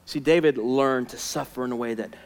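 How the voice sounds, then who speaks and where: A man preaching a sermon as pastor, emphatic and conversational, swinging between loud outbursts and hushed, intimate stretches. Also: mid-range voice, fairly quick. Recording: long hall reverb.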